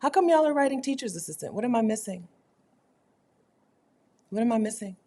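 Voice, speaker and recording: A woman hosting a casual livestream, reading viewer comments aloud, emphatic and animated, laughing often and swinging between loud high bursts and low murmurs. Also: a little fast. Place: indoors, home setting while living abroad.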